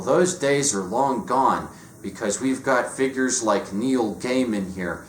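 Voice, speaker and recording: A man's voice: on the low side, fairly bright tone. A man ranting sarcastically and profanely as he reviews comics. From United States. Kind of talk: casual rant review. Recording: echoey room with faint noise.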